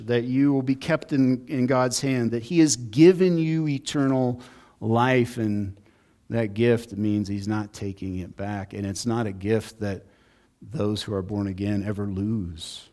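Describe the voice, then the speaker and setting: A man's voice: lowish voice, darkish tone. A man preaching a sermon as pastor, earnest and building emphasis on key points.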